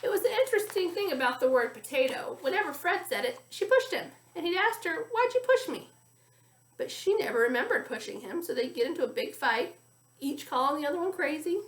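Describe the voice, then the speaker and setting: High-voiced woman reading a storybook. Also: fast, roomy sound. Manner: friendly, expressive storytelling. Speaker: story reader. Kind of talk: reading a children's chapter book aloud.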